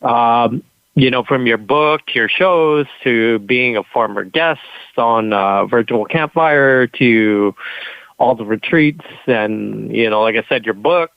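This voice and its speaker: A man from California calling into a show, his speech halting and stumbling because his mouth is numb from the dentist. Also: mid-range voice, gravelly, clean tone, no echo, phone-quality sound. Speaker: caller.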